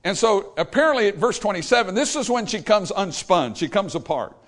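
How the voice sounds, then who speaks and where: A man's voice: sits high, big pitch swings, a little fast, fairly bright tone. Folksy male preacher retelling scripture. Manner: retells scripture in plain folksy terms, reads verses in King James wording. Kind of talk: sermon.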